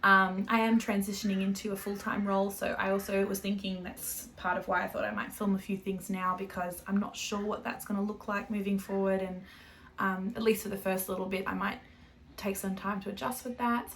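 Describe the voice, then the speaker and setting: A woman's voice: medium pitch, level tone, brisk, fairly bright tone, slight background noise. Chatty young Australian woman. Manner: chatty, rambling, self-correcting, laughs often. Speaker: knitting podcast host. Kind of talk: casual chat to camera.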